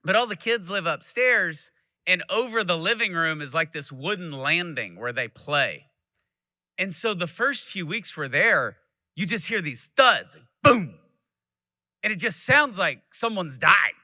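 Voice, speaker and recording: A man's voice: high-pitched, very animated, measured pace, sharp tone, no echo. A man in his thirties from Texas giving a keynote speech, telling family stories and acting out quotes. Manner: storytelling with acted-out quotes. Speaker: keynote speaker. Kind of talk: speech to a live audience.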